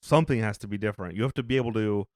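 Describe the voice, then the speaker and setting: A man co-hosting a comedy podcast, bantering casually, with deadpan, teasing jokes and stumbling restarts. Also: on the low side, racing, no echo, studio quality.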